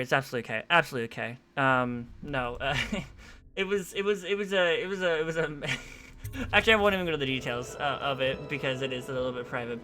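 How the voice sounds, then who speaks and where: A game streamer chatting casually at home, rambling, laughing often and swearing offhand. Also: medium pitch. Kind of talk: casual gameplay commentary. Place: home room.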